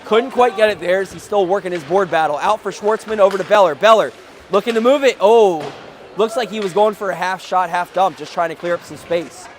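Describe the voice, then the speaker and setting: High-voiced man calling a hockey game. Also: a little hiss or hum. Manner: rapid, excitable calls that rise sharply at big plays, joking asides. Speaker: play-by-play commentator. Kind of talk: live hockey play-by-play.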